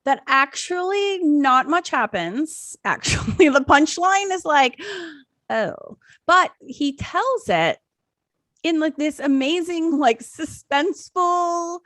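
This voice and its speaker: Animated, rambling woman podcast co-host. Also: high-pitched, takes it slowly, dry recording, clean studio sound. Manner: rambling and animated, many restarts and laughs. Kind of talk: casual podcast chat.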